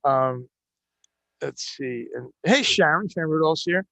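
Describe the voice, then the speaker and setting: Chatty male host, gravelly and slightly high, dry close mic. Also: measured pace, no room sound. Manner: animated, chatty, many restarts. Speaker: podcast host. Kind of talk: casual interview chat.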